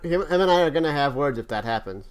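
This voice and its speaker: A man's voice: fairly high pitch, fast. Laid-back man hosting a podcast. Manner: relaxed, stumbles and repeats words, swears casually. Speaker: podcast host. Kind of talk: casual wrestling podcast chat.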